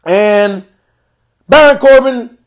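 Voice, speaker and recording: A young man with a strikingly high-pitched voice hosts his own podcast. He rants in frustration and swears constantly while reviewing a wrestling show, sometimes rising almost to shouting. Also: takes it slowly. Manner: frustrated ranting with heavy profanity. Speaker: podcast host.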